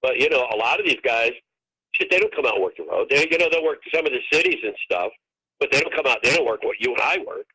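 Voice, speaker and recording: Telling road stories full of profanity, a guest comedian, an older man on tour, rants casually over a tinny phone connection. He talks fast in a husky, bright, forceful medium-pitched voice with lively intonation.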